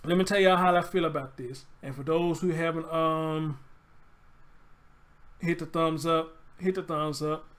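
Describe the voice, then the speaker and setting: Guy hosting a live stream, higher voice, swears a lot, keeps repeating himself, holding back tears. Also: steady tone, measured pace, a bit bright, smooth. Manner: profane, pleading, repeats himself. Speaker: show host. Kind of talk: casual live-stream commentary.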